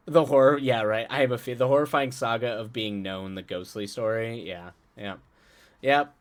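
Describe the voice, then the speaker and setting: A man with a mid-range voice hosts a live stream, chatting with viewers in a rambling, halting manner full of restarts and chuckles before reading a story aloud. He playfully answers the chat directly.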